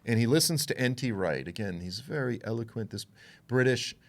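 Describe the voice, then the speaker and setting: A man giving a conversational Bible teaching, frank and animated, acting out what others would say. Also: mid-range voice, fairly quick. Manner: animated, frank, with asides and quoted voices.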